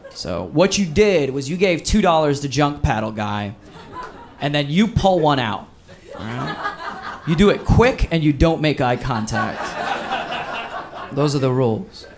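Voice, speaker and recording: Upbeat comedian telling a story. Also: male voice, a little high, measured pace, pauses often, noisy background. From Wisconsin. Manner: animated storytelling with acted voices. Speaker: stand-up comedian. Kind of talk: stand-up comedy set. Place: live comedy venue. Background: audience laughter.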